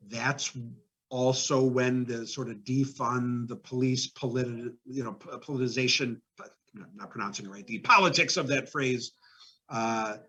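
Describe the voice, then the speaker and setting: A man speaks in a husky voice, talking the way a mayor does in a podcast interview, full of fillers, restarts and sudden emphatic lifts. The recording is dull and lo-fi. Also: mid-range voice, fairly bright tone. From Ohio. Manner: conversational, many fillers and restarts, emphatic rises.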